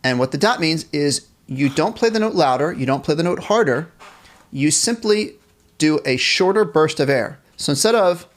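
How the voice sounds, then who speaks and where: A man's voice: a little high, expressive, moderate pace. A man teaching a live online band class, cheerfully reading chat questions aloud and encouraging students. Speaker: music teacher.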